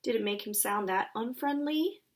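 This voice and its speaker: A woman's voice: a little high, normal speed, poor audio. A woman, the book's author, reading her rhyming children's picture book aloud with playful asides. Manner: sing-song rhyming storytelling, playful asides.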